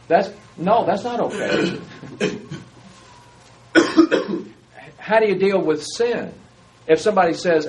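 A man delivering a sermon in an easy, conversational manner, often turning to his listeners with questions. His voice sits a little high for a man, and faint background noise is heard behind him. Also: expressive, moderate pace, pauses often, poor audio. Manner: conversational, asks the audience questions. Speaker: preacher.

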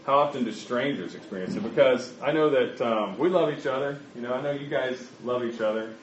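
A man preaching a sermon, talking in a conversational, halting way with many fillers and restarts. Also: medium pitch, far from the mic, slight background noise. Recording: echoey, dull room recording.

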